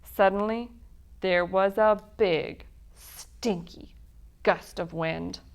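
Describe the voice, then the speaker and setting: A woman reading a children's picture book aloud at a library storytime, in an expressive storytelling manner. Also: mid-range voice, slow pace, gravelly, slight background noise.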